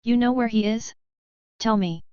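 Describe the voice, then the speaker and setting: A woman voicing a half-mad escaped male prisoner who yells in fury. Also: fairly high pitch, moderate pace, smooth, no room sound, highs cut off, natural voice. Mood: furious. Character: wild-eyed escaped male prisoner, furious.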